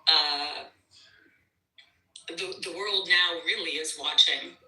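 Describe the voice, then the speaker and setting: A woman calling in to a political show, indignant and halting, with lots of fillers. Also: low voice, steady tone, sharp tone. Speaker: caller. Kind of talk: call-in political opinion. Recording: echoey, distant from the mic.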